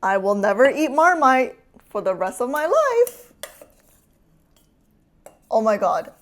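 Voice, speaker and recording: A woman's voice: a little high, wildly swooping pitch, takes it slowly. A woman streamer chatting casually with her chat while cooking, teasing and laughing often.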